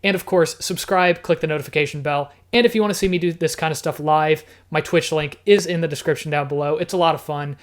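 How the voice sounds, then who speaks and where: A man casually commenting as he reads a text adventure game aloud, getting excited and laughing often. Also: fairly high pitch, fast, hardly any pauses. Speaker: gaming YouTuber.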